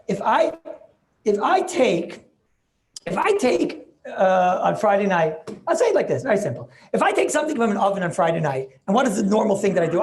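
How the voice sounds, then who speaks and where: A man's voice: sits high, a little hiss or hum. A man making a Talmudic argument in an online Torah class over a video call. He talks eagerly, restarts his sentences and keeps checking with "right?".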